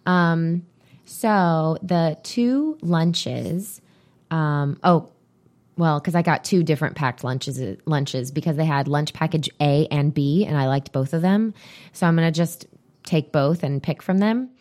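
A woman's voice: low-pitched, slow, darkish tone. A woman co-hosting a podcast, chatting casually and rambling as she reads items off a list. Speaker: podcast co-host. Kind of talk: casual chat.

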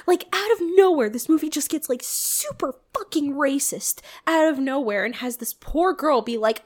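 A young woman hosting a casual movie commentary, animated, incredulous and freely swearing. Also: high-pitched, normal speed, hardly any pauses. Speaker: podcast host.

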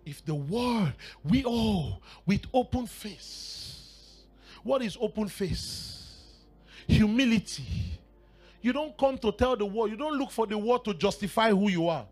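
A man preaching a sermon with fervor, dropping to a hush and then rising to shouts and half-sung phrases, sometimes speaking in tongues. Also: high-pitched, animated, slow, soft background music. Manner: fervent, swings from hushed to shouting and half-singing.

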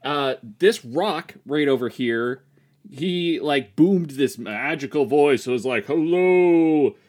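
A man's voice: a little high, lively intonation, slow pace, a little mellow. A man voicing an ancient male war captain who talks like a laid-back 1990s dude, slangy and upbeat. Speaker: podcast co-host. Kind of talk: improvised comedy role-play.

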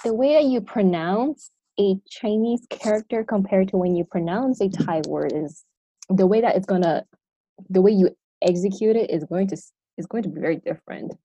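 A woman's voice: mid-range voice, moderate pace, warm tone, breathy edge, no room sound, low-quality recording. A woman with an American accent, co-hosting a podcast in casual chat, reflective and winding, often restarting her sentences. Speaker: podcast co-host.

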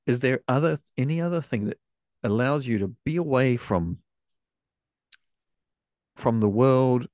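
A man's voice: medium pitch, lively intonation, a little slow, pauses often, a little mellow, no echo, studio quality. A man hosting a podcast, asking long, rambling questions full of restarts and small affirmations. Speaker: podcast host. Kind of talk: interview questions.

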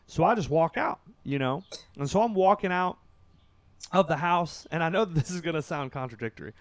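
A man from Kentucky, a podcast guest telling a story in casual talk, swinging from loud bursts to hushed, low stretches. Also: expressive, normal speed, dry recording.

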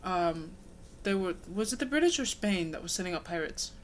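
A woman's voice: fairly low pitch, lively intonation, a little fast. A woman in a casual book discussion, chatty, often trailing off mid-sentence. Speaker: book club member.

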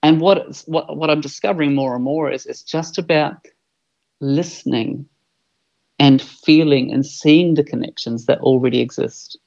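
A man's voice: fairly high pitch, normal speed, creaky, darkish tone, lo-fi sound. A man, an earnest and reflective podcast guest who swears freely. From New Zealand. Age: 40s. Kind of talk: podcast conversation.

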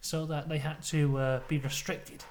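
A man telling an absurd tale, hushed at times. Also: on the high side, normal speed, a little hiss or hum. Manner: deadpan, builds suspense with hushed narration. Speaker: podcast co-host. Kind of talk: comic storytelling.

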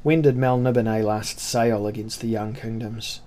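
A man's voice: fairly low pitch, natural voice. A man voicing a cool, weary sorcerer prince. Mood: cool, measured. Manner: calm, measured, detached. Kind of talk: audiobook character voice.

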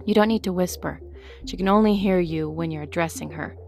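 A woman's voice: lowish voice, fairly quick, creaky, a little mellow, soft background music. A woman as a patient, firm female guide. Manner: patient, direct coaching. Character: calm, firm female guide coaching people.

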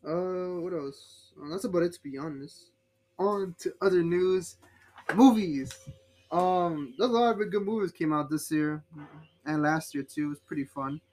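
A man's voice: on the high side, moderate pace, darkish tone, a little hiss or hum. A man chatting casually and rambling a bit, swearing now and then. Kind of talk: casual chat.

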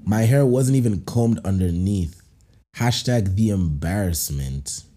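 A man hosting a podcast reads listener stories aloud and breaks into laughter and playful voices as he riffs on them. His voice is dark and husky, and his pitch swings widely. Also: animated, measured pace. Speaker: podcast host. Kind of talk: reading and reacting to listener stories.

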